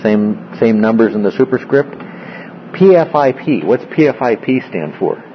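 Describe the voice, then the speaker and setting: A man's voice: medium pitch, lively intonation, moderate pace, a little hiss or hum. Lo-fi recording of a man teaching Bible study. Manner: explanatory, asks frequent check-in questions. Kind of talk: classroom Bible study with questions to the group.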